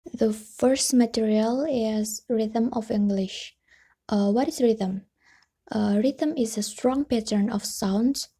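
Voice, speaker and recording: A woman's voice: fairly high pitch, mellow, breathy edge. A young woman with an Indonesian accent giving a class presentation, reading steadily with hesitant fillers. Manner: reads steadily, switches between English and Indonesian, hesitant fillers. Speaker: student presenter.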